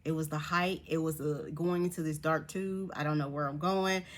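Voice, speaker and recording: Animated young woman telling a story. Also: sits low, moderate pace, a little hiss or hum. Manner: animated, laughs often, voices others in quotes. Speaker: vlogger. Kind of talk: casual storytelling to viewers.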